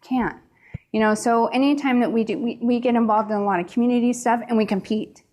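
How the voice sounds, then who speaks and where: A woman's voice: fairly high pitch, fairly even intonation, fairly quick, darkish tone. A woman from the East Coast who owns a pizzeria, telling her story in a candid, salty way at a conference seminar. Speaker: pizzeria owner giving a seminar talk. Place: large conference room.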